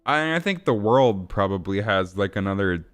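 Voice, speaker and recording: A man's voice: fairly low pitch, expressive, normal speed, clear, resonant tone. A man casually chatting with viewers while building a game, rambling, swearing and laughing. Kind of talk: casual livestream chat.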